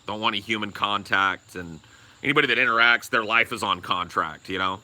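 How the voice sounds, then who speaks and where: A man on a podcast rambles in casual, profane chat, his voice strikingly bright and edgy. He sits a little low in pitch and bursts into loud laughs between thoughts. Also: fairly quick. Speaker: podcast co-host.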